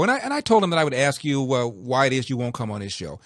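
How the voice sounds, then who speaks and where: A male radio talk host telling anecdotes in a lively way, acting out the dialogue he quotes. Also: medium pitch, fast talker, few pauses, dry recording, clean studio sound. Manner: animated, acts out the dialogue he quotes. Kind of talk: storytelling anecdotes.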